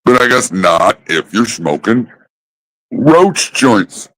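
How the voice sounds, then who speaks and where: A man ranting casually about smoking habits, swearing constantly and mocking others with drawn-out pauses. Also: on the low side, very animated, fairly bright tone, poor audio. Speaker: host. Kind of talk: casual profane rant.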